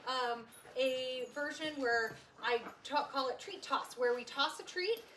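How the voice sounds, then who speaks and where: A woman dog trainer explaining recall practice outdoors, friendly and explanatory, with bright excited calls to a puppy. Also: high-pitched, unhurried. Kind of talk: instructional demo. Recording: outdoor, distant mic, noisy.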